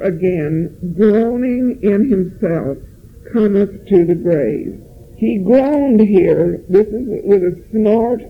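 A man's voice: high voice, a little hiss or hum. A man teaching a Bible study, earnestly reading scripture aloud with emphasis and explaining it to his class. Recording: tinny phone-like line.

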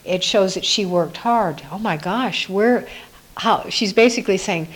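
A woman giving a reflective devotional Bible teaching, musing aloud with soft laughs. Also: medium pitch, unhurried, low-quality recording.

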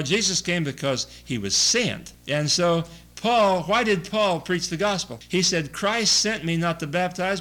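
Man, preacher, folksy sermon, chuckles, fairly high voice. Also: fairly bright tone, poor audio. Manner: folksy, chuckling, asks the congregation questions; reads scripture aloud slowly. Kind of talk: conversational sermon.

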